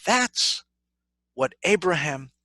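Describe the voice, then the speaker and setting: A middle-aged man, a rabbi, giving a dramatic, animated lecture on scripture at a synagogue. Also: on the high side, slow pace, dry recording. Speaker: rabbi, keynote speaker.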